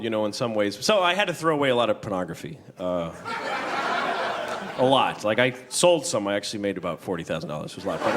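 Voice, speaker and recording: A man doing stand-up comedy, his pitch rising and dipping as he tells rambling, deadpan stories. The live theater recording is noisy, with a crowd roaring underneath. He breaks into shrill put-on voices for the people in his tales. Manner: rambling, deadpan storytelling that jumps into loud high voices for characters. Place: large theater stage before a live audience. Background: audience laughter.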